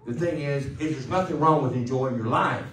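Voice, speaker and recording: A male pastor preaching a sermon in a loose, conversational way, joking and pausing for the congregation to answer. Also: mid-range voice, a bit bright, roomy sound, distant mic, low-quality recording. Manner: conversational, joking, with call-and-response. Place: church sanctuary.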